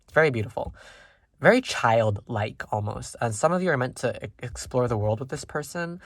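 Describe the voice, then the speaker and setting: Rambling, gentle tarot reader, mid-pitched voice. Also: lively intonation, moderate pace, dry recording, clean studio sound. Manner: rambling, full of ums and likes, thinking aloud; gentle and reassuring toward viewers. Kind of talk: casual pick-a-card tarot reading.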